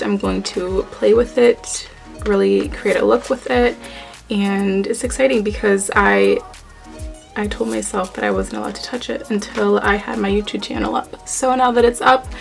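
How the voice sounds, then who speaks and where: A young woman talks through a makeup look in a chatty, playful way, joking to herself as she goes. Her voice has a gravelly edge, and soft music plays underneath. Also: medium pitch, low-quality recording. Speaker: beauty YouTuber. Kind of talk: casual makeup tutorial chat.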